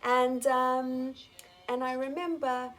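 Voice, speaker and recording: A woman's voice: high-pitched, little pitch movement, slow, a bit bright, rough recording. A woman vlogger telling personal stories to her viewers in a casual, earnest and emphatic way. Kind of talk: casual storytelling to camera.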